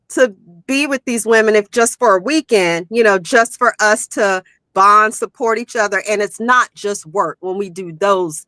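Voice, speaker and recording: Bright-voiced woman chatting casually. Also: mid-range voice, no room sound. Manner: rambling, many fillers like "you know". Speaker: guest, magazine owner. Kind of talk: casual chat.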